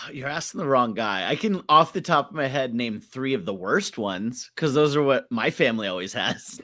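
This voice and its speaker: A young man co-hosting a casual podcast chat, joking and swearing freely. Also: medium pitch. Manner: animated, joking, profane, quick bursts of laughter. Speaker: podcast co-host.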